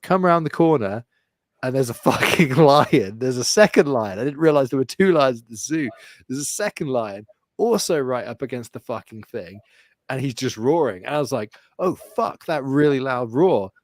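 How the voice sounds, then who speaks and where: A man co-hosting a podcast, telling a lively story in casual chat, full of swearing and mimicked voices. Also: mid-range voice, normal speed, no room sound, clean studio sound. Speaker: podcast co-host.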